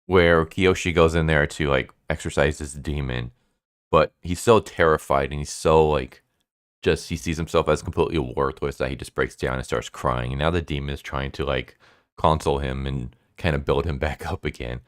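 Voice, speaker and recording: Casting: man with a very deep voice, rambling casual recap, dry close sound. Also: steady tone, moderate pace, smooth, dry recording. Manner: rambling, many fillers like "like". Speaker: manga reviewer.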